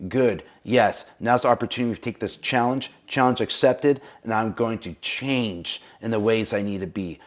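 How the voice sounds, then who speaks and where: Man, low voice, motivational coach, emphatic, repetitive rallying phrases. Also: moderate pace, hardly any pauses. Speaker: relationship coach.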